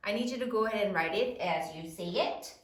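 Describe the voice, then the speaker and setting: A woman teacher giving a spelling lesson, sounding out each word slowly and clearly for her students. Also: medium pitch. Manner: slow, drawn-out dictation, sounding out words. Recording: echoey room, mic at a distance.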